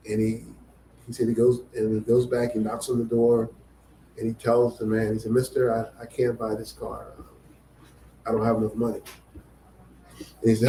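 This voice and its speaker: Man, author, mellow voice, storytelling, acts out dialogue, echoey room. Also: mid-range voice, normal speed. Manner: animated storyteller acting out quoted dialogue. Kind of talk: storytelling at a book event. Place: event venue. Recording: echoey room, faint noise.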